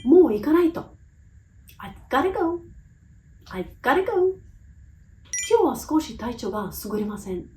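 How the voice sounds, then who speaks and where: A woman English teacher reading a phrase lesson, saying each phrase in Japanese and then twice in English, slowly and with careful, clear pronunciation. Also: high voice, very animated, dark tone, slight background noise, rough recording.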